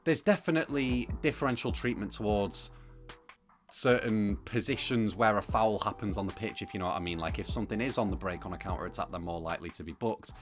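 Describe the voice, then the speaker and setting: Soft music plays behind a young man with a lowish voice who briskly delivers a football opinion piece to camera. He's conversational and opinionated, filling his speech with plenty of fillers.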